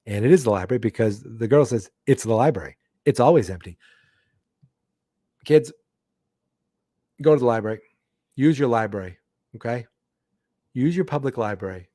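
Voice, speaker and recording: A man's voice: mid-range voice, warm tone, no room sound, studio quality. A man hosting a live book-club podcast, reading a comic aloud and breaking off for chatty asides. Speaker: podcast host.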